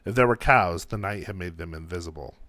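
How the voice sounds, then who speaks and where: A man reading his own fiction aloud, calm and unhurried. His voice sits on the low side. The sound is dry and close, with no room around it. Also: dry recording. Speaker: author.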